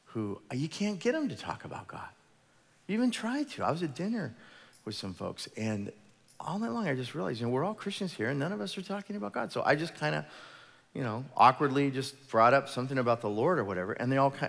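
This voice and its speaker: A man who is a pastor, preaching a sermon in an animated storytelling manner, acting out the voices of people in his stories. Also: mid-range voice, creaky. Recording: long hall reverb.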